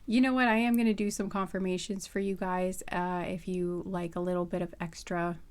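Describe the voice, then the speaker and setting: A young adult woman giving a casual tarot reading, rambling with many fillers and soft laughs. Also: lowish voice, flat delivery, a little fast, smooth. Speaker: tarot reader.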